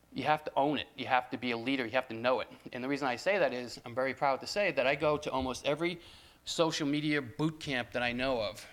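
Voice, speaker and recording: An older man speaks to journalism students as a guest speaker, sharing stories conversationally with frequent restarts and asides. His voice is medium-pitched and a bit bright.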